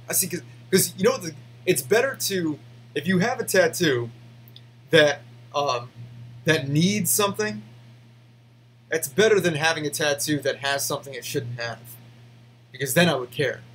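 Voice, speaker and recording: Male vlogger, slightly high pitch, casual, hesitant, prone to ranting; faint hum in the room. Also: a bit bright. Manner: rambling, hesitant, with frequent restarts and fillers; defensive ranting. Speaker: YouTube host answering fan questions. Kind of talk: casual behind-the-scenes chat.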